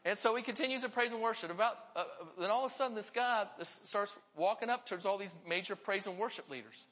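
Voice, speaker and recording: A male pastor preaches with a high, bright voice that rings out in a church hall with a long reverb. He tells his stories with earnest, animated energy. It is a live sermon to his congregation. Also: fast talker.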